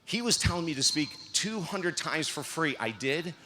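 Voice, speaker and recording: A man delivers a motivational commencement speech in a large hall. He tells stories with dramatic swings between upbeat energy and hushed moments. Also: on the high side, expressive, normal speed, slight background noise. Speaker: commencement speaker.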